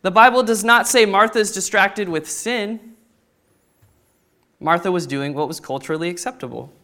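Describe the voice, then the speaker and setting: A man preaching a sermon with lots of energy, acting out the story's people with sudden loud bursts. His voice sits a little high and comes across smooth and clear. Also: normal speed. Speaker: pastor.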